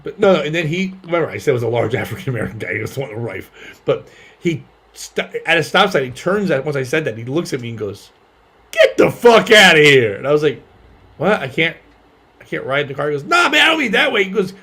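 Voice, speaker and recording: A man's voice: medium pitch, quick pace, breathy edge. A male comedian and podcast host telling a story in casual banter and acting out the people in it. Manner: animated, acts out other voices loudly.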